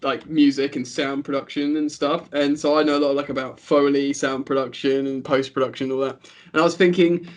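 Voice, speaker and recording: A man's voice: medium pitch, fairly quick. A man chatting casually on a remote football podcast call, rambling with lots of fillers. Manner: rambling, animated, many fillers. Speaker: podcast guest. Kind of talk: casual online football chat.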